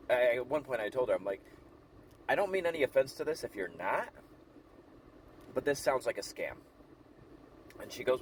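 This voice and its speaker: A man's voice: mid-range voice, slight background noise. Man telling a story outdoors. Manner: rambling, restarts and quoted dialogue. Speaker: vlogger. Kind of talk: casual storytelling to camera.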